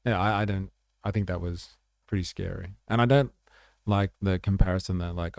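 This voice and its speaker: A man's voice: sits low, fairly even intonation, normal speed, gravelly, pauses often, a little mellow, no room sound, clean studio sound. A man hosting a livestream, reacting to chat in a laid-back, rambling way with swearing and fillers. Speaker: livestream host.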